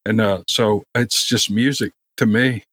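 A man from Memphis with a drawn-out Memphis Southern accent, chatting as a podcast guest at his home microphone. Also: fairly low pitch, fairly even intonation, fairly bright tone, husky, dry recording. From Memphis, Tennessee. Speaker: guest, audiobook narrator. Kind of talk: casual podcast chat.

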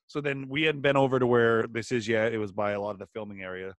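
A man's voice: mid-range voice, steady tone, fast, few pauses, dry recording, studio quality. A man co-hosting a casual chat, rambling with restarts and hesitations. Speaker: podcast co-host.

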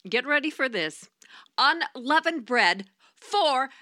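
A brash, over-the-top female talk show host, played by a woman in comedic voiceover takes. Her voice sits high and sounds bright and forceful. It is recorded dry, with no room sound, and she piles on playful ad-libs. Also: big pitch swings, takes it slowly, dry recording, exaggerated voice. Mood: showy. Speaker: voice actor.

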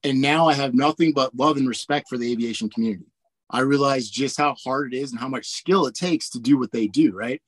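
A man in his forties from Indiana, an army pilot, telling stories in a relaxed, chatty way full of fillers and frequent laughs. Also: mid-range voice, a little fast, breathy edge, dry recording. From Indiana, USA. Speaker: guest, army warrant officer pilot. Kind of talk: casual storytelling interview.

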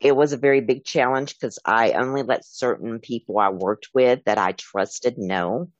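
A man's voice: medium pitch, normal speed, no echo, lo-fi sound. A man, a former emergency dispatcher, telling stories in an interview in an earnest way, acting out the callers' words. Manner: earnest, recounts calls with quoted dialogue. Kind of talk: storytelling in an interview.

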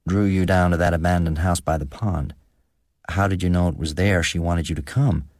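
A man's voice: sits low, fairly even intonation, normal speed, a little mellow, dry recording, clean studio sound, lightly acted. A man voicing a nervous, thin-voiced village deacon who asks careful, probing questions, read as an audiobook character.

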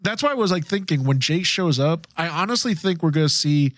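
Eager, laughing man, fairly high voice. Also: animated, fairly quick, no room sound, studio quality. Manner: eager, laughs often, chimes in. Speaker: podcast co-host. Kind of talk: casual chat.

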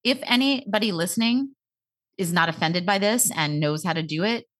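A woman co-hosting a podcast in casual chat, animated and jokey, swearing freely. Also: medium pitch, normal speed, husky. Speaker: podcast co-host. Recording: video call.

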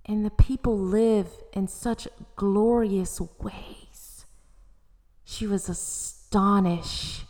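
A woman tells a story slowly and dramatically, her voice falling to a whisper at tense moments. She speaks at a medium pitch. A long hall reverb trails behind her words. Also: fairly even intonation, gravelly, dark tone. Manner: slow and dramatic, dropping to whispers.

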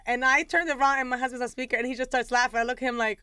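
A woman's voice: high voice, racing, hardly any pauses, smooth, dry recording, clean studio sound. A woman co-hosting a podcast, chatting casually as a mother and acting out quoted family voices as she tells stories. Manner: lively storyteller who acts out quoted voices. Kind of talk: casual chat.

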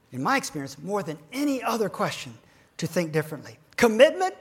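A man with a notably high voice delivers a motivational keynote to a room of advisors. He swings between loud, punchy emphasis and hushed lines close to a whisper. He slows right down to hammer home his key phrases. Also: very animated, breathy edge. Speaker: keynote speaker to financial advisors.

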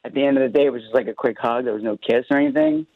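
A man's voice: medium pitch, wildly swooping pitch, racing, creaky, no room sound. A man calling in to a radio show by phone, rambling casually with many filler words. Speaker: radio caller. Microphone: telephone. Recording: dull phone line.

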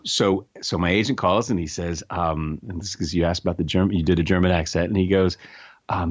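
A middle-aged man with a lowish voice tells stories in an animated, fast-moving way, restarting his sentences as he goes. The audio is dull and a little lo-fi. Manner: animated, quick anecdotes with restarts. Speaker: actor guest. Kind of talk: casual interview storytelling.

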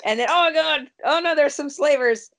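A podcast co-host casually recaps a TV episode, acting out the characters' lines and laughing a lot. Her voice is high-pitched and she speaks at a moderate pace.

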